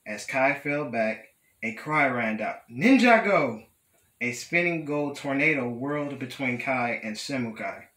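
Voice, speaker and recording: A young male student reading a children's picture book aloud at a steady, careful pace. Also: mid-range voice, unhurried, echoey room, rough recording. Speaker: student storyteller.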